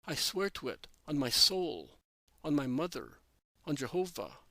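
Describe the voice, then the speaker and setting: Judas: resentful, protesting apostle, read by a man, slightly high voice, dry recording. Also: very animated, unhurried, sharp tone, dry recording, full character voice. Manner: protesting, insistent. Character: Judas, anxious resentful adult male apostle.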